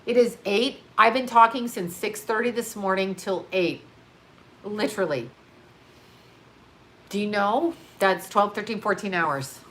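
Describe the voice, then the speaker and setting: A tired woman chats loosely on a livestream from her home studio, replying to viewer comments as they come in. She rambles and drifts between thoughts, and she is blunt and quick to swear. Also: mid-range voice, a bit bright, slight background noise. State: tired, yawning. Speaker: astrologer and livestream host. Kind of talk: casual livestream chat reading viewer comments.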